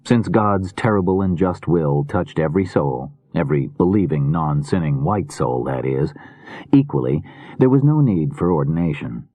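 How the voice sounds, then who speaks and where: A man reading a mystery novel aloud in a measured, steady narration. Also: extremely low pitch, no room sound. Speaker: audiobook narrator. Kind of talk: scripted narration.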